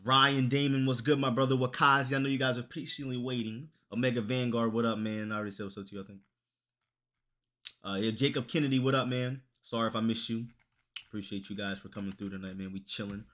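A young man chatting on a live stream, his voice bright and forceful at a middle pitch. He talks loosely and jokes, with plenty of swearing. Now and then he bursts into loud, high-pitched outbursts. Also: fairly even intonation, quick pace. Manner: profane, loose and joking. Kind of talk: casual live-stream chat.

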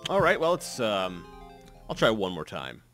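While playing a game, a man in his thirties gives rambling, self-deprecating commentary packed with fillers and restarts over soft background music. He speaks at a fairly low pitch and a moderate pace, very animated and a bit bright.

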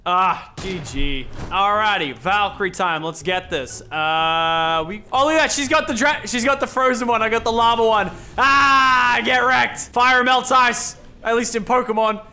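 A young man giving excited gameplay commentary, laughing and chatting to opponents. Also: sits high, clear, resonant tone. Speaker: gaming YouTuber.

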